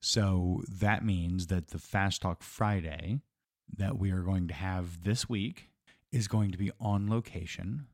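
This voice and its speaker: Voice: low voice, slow pace. A laid-back podcast co-host in casual, teasing chat.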